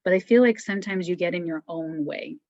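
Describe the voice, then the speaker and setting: Woman, lower voice, gentle encouraging reader, dry close sound, dull lo-fi call audio. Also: brisk, no echo. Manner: gentle, encouraging, thinks aloud with fillers. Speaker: psychic medium guest. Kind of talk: intuitive reading, conversational.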